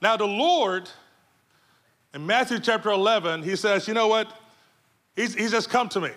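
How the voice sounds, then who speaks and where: A man's voice: high voice, moderate pace, fairly bright tone. A man preaching a sermon in a conversational, repetitive way with many fillers, making pleading, urgent appeals.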